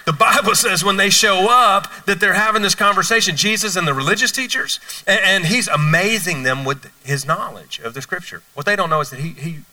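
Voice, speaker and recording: Bright, sharp-toned storytelling preacher. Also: male voice, high voice, brisk, hardly any pauses, distant mic, poor audio. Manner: storytelling, lively, playful. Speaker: pastor. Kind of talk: sermon. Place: church stage.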